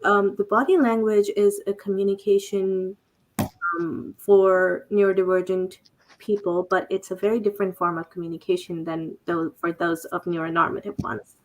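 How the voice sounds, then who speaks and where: A woman leads a relaxed livestream discussion as host. She speaks hesitantly, pausing often and filling gaps as she gathers her thoughts. Her voice sits at an ordinary middle pitch. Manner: hesitant, many filler pauses. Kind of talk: casual livestream panel chat.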